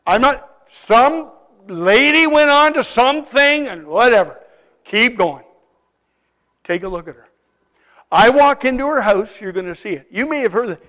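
A man telling a missionary testimony to a congregation, animated and exclaiming often as he cues slides aloud. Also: very high-pitched, unhurried. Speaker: visiting missionary speaker.

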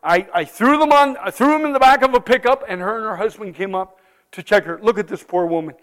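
High-voiced man telling an excited testimony. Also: quick pace. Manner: animated, exclaims often, cues slides aloud. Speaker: visiting missionary speaker. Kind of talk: testimony storytelling to a congregation.

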